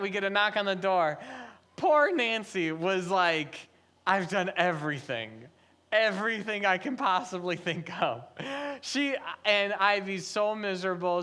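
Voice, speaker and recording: A man's voice: sits high, pushed and bright, clean tone. A man giving a sermon as pastor, telling a family story conversationally with light humor.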